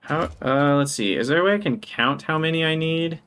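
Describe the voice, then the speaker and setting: A man streaming a building game live, thinking aloud as he plans and brightening to greet viewers in chat. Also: on the high side, fairly quick, clean tone. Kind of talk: live gameplay commentary.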